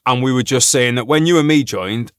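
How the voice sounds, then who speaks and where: Swearing, laughing army-veteran host. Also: male voice, medium pitch, a little fast, smooth, no room sound, studio quality. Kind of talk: casual chat.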